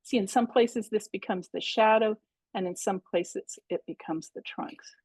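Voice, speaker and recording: A middle-aged woman teaches a pastel painting workshop over a video call, chatting and thinking aloud as she demonstrates live. Her mid-range voice has a darkish, slightly rough tone at a normal pace, and the recording is dry.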